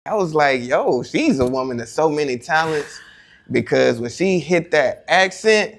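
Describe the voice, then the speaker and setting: A man's voice: fairly high pitch, animated, unhurried, vocal fry, a little hiss or hum. A man interviewing a guest in a laid-back, slangy way, saying "like" a lot. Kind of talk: casual interview.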